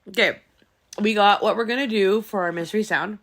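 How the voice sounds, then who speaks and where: A woman co-hosting a casual true-crime podcast, chatty and quick to laugh. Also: mid-range voice, a bit bright. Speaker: podcast co-host. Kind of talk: casual chat.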